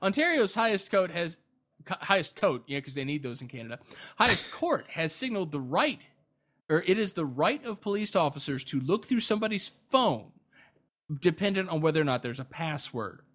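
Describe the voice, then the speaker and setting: Podcast host, male, slightly high-pitched, reads news then mocks it with dry sarcasm and stumbling asides. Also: big pitch swings, fairly quick, a bit bright. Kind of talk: casual news commentary.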